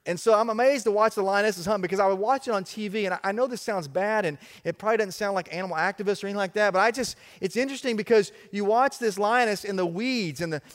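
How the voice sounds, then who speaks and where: A man's voice: high voice, quick pace, few pauses, a bit bright, long reverb tail. A man preaching a sermon as pastor, emphatic, with a repetitive cadence.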